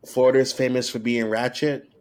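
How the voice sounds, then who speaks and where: A man's voice: medium pitch, level tone, moderate pace, a little mellow, slight background noise. A man co-hosting a podcast in casual chat, teasing and playful, often laughing. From not from the local area. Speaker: podcast co-host.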